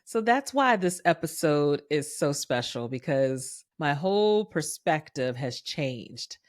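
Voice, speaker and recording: A woman hosting a podcast, telling a personal story in a chatty, animated way and acting out the quoted voices. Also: low voice, takes it slowly, no room sound, studio quality. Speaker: podcast host.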